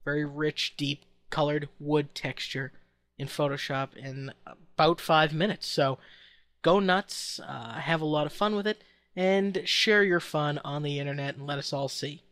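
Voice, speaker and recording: A man with a voice pitched a little above the usual narrates a software tutorial step by step. He talks in an easygoing way, with a few fillers. The sound is close and dry, with no room around it. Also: a little slow, no echo. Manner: relaxed step-by-step instruction with occasional fillers. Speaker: tutorial host. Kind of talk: screen-recorded software tutorial.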